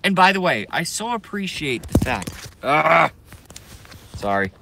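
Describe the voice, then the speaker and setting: A middle-aged man ranting angrily on his live stream, swearing, breaking off to apologize, his voice going hoarse from a day of talking. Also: on the high side, big pitch swings, a little slow, sharp tone, a little hiss or hum. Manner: angry, profane ranting with sudden outbursts and apologies.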